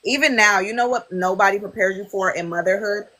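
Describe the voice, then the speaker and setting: A woman in her thirties appears as a guest on a podcast, chatting casually and telling stories animatedly while acting out other people's voices in lively quotes. Her mid-range voice moves a little fast, and the audio quality is poor.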